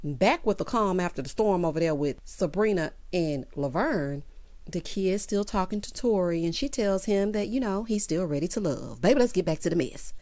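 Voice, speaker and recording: A woman giving a casual, sassy recap of a reality dating show, talking often to her viewers and jumping high in pitch to stress a point. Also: moderate pace. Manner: sassy, animated, peppered with "child" and "honey"; swoops high in pitch for emphasis. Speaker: TV recap vlogger.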